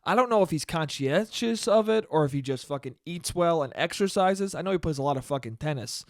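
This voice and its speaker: Young male podcast host, a bit high-pitched, profane and animated, dry close sound. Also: brisk, dry recording. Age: young adult. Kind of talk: casual solo podcast monologue.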